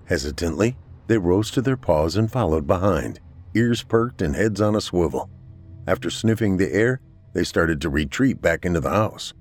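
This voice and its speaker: A man reading a scripted horror story aloud in a measured, unhurried way. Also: deep voice. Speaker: narrator.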